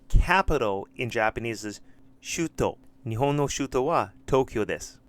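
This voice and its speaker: A man who teaches English, walking through a lesson plan and reading model questions and answers slowly and clearly. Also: medium pitch, a bit bright. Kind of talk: slow lesson-plan walkthrough.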